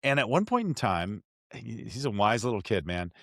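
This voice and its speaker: A man hosting a podcast interview, telling stories in an animated, self-deprecating way with frequent restarts. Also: lowish voice, moderate pace, dry recording, studio quality. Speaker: podcast host. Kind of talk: conversational interview.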